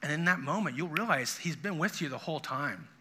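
A man's voice: fairly high pitch, lively intonation, fairly quick, pushed and bright. A middle-aged man, a pastor, preaching a sermon in an earnest, conversational way with frequent restarts.

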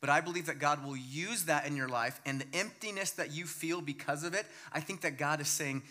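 Bright-voiced pastor preaching with emphasis. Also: male voice, brisk, few pauses. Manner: emphatic, dropping to a hushed low voice for key points. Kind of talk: sermon.

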